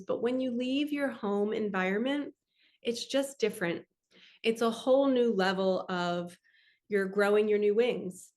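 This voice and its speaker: A woman hosting a spiritual talk, telling a personal story in an earnest, heartfelt, chatty way. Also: mid-range voice. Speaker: spiritual podcast host.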